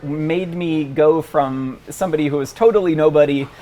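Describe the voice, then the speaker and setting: A man's voice: a little high, moderate pace, dark tone, lo-fi sound. A man in his forties, a paleontologist guest, talking in a casual interview with frequent ums and restarts. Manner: thoughtful, many ums and restarts. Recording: faint background noise.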